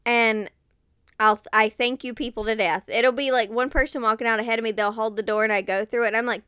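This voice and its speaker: A young woman co-hosting a podcast in casual chat, animated, acting out her own lines. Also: on the high side, brisk, clean tone, no room sound, studio quality. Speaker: podcast co-host.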